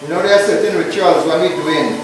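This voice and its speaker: A man's voice: a little high, fairly quick. A male pundit giving a sermon, explaining in a step-by-step way with many rhetorical questions and chanting syllables in a sing-song way. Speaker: pundit preaching at a religious gathering. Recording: far from the mic, very echoey hall, music behind.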